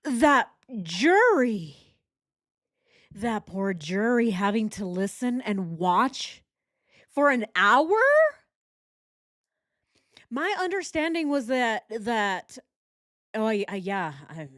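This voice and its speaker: This is a woman commentator reacting to a disturbing trial, her speech slow and broken by restarts and pauses. Her voice sits close and dry on the microphone, with no room around it. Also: mid-range voice, a bit bright, no room sound. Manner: halting, shaken, many restarts. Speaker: true crime commentator. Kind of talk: reacting to court coverage.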